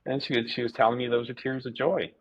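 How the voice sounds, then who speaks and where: A man, a martial arts instructor, telling stories casually as a guest, animated, repeating words and swearing freely. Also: medium pitch, quick pace, husky. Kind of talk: casual storytelling interview. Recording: dull lo-fi podcast audio.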